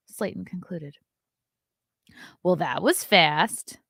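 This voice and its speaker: Woman host, thirties, low-pitched, chatty, opinionated, reading chat, dry close sound. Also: normal speed, a bit bright, dry recording. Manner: chatty and opinionated, reacts to chat, yawns often. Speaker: host of a morning talk stream. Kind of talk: casual livestream talk, reading news and chat comments.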